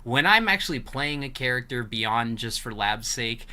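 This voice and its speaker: A man commentating a fighting game tournament stream, energetic and hype-building, with jokey asides. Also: medium pitch, moderate pace. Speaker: esports commentator.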